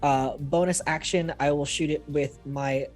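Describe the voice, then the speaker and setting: A man's voice: a little high, steady tone, a little slow, a little mellow, soft background music. A man playing a tabletop game, easygoing as he describes spells and adds up damage aloud. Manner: easygoing, talks through dice math aloud. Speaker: player.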